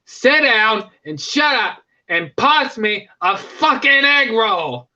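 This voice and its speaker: A man doing an impression of a hot-tempered man yelling in exasperation. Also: high voice, sing-song, slow, highs cut off, voice pushed up, heavily acted. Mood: fed up.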